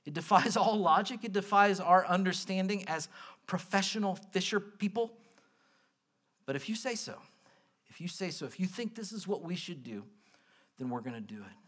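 A man's voice: sits high, lively intonation, a bit bright. A man voicing a bewildered first-century fisherman who hesitates, then gives in, inside a sermon. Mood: puzzled, resigned. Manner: hesitant, halting, then resigned.

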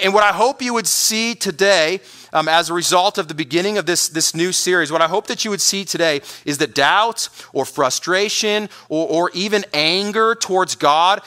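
A man's voice: high voice, moderate pace, pushed and bright. A man preaching a sermon as pastor, earnest, often repeating words and restarting.

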